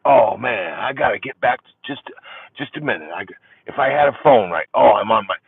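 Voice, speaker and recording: A gravelly, husky older man hosts a livestream in an impassioned monologue, his pitch leaping and falling, swinging from loud exclaims to hushed near-whispers. The sound is tinny and phone-like, very dry. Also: animated, a little fast, dry recording. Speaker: support group livestream host.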